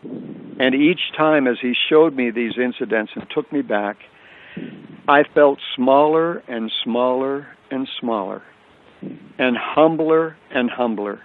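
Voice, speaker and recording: A man's voice: medium pitch, takes it slowly. An older man giving an earnest personal faith testimony as a radio guest, telling his story with repeated phrases. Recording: tinny phone line on radio.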